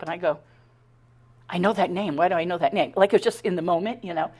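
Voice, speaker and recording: A middle-aged woman giving a talk, telling her own story in an animated, conversational way, acting out the dialogue and often stumbling and restarting. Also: medium pitch, fast talker, breathy edge. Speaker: speaker giving a talk on her abduction experiences. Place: talk at a spiritual center.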